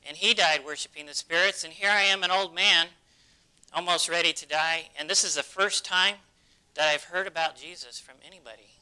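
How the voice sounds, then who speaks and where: Preacher doing a sad old village guy, pleading and tearful, kinda high and bright. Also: moderate pace, clean tone, low-quality recording. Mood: grieving. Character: grieving old village man, bewildered.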